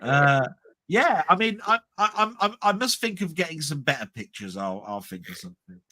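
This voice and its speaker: A man's voice: on the high side, sing-song, moderate pace, sharp tone. A man co-hosting a casual livestream chat, telling stories in a rambling, stop-start way with lots of repeated words. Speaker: livestream co-host.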